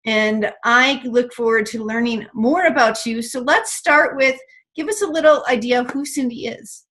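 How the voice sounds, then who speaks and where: A woman's voice: on the high side, normal speed, a bit bright. A woman hosting an interview, welcoming her guest and asking open, encouraging questions. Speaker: interview host. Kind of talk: conversational interview.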